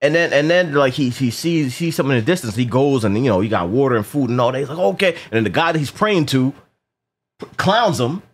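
A man talks casually in a movie review, fast and in a mid-range voice. He's animated and profane, often repeating words and acting out lines from the film.

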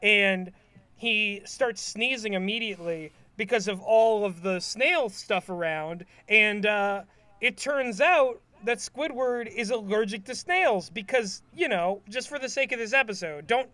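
High bright-voiced man recapping casually. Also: measured pace, no echo. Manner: rambling, filler-heavy storytelling. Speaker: podcast co-host. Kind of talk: casual chat recapping an episode.

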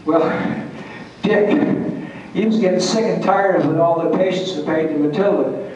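A man's voice: fairly high pitch, a little slow, darkish tone, highs cut off, slight background noise. An older man, a retired Air Force pilot, telling folksy, salty stories with restarts and chuckles to a meeting audience. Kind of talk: casual storytelling to an audience. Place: large hall at a historical society meeting. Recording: distant, very echoey hall recording.

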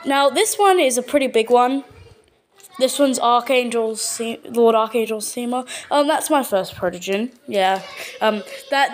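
A woman with an Australian accent casually narrating a showcase of her own artwork, stumbling over words and filling pauses with lots of ums. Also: on the high side, a little hiss or hum. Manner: hesitant, full of ums and repeated words. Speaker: channel owner.

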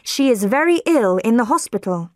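A woman's voice: on the high side, lively intonation, moderate pace, no room sound, studio quality, natural voice. A woman narrator voicing a clever middle-aged lady detective who speaks firmly and takes command. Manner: firm and commanding.

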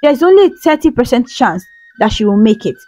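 A woman's voice: fairly high pitch, big pitch swings, fairly quick, dark tone, soft background music. Woman voicing a grave male doctor. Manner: grave, sighing. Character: serious, doubtful male hospital doctor.

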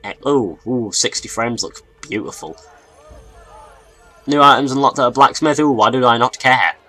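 Young male gaming YouTuber, mixed English accent, rambling and excitable commentary. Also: mid-range voice, normal speed. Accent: mixed northern and southern English. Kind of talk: let's play commentary.

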